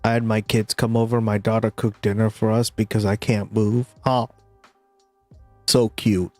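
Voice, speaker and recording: A man's voice: lowish voice, flat delivery, normal speed, dry recording. Man, casual news streamer, talks in loose runs tagged with "right?", dry close sound, faint music behind. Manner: rambling, keeps adding "right?". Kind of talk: casual political commentary. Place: his parents' house.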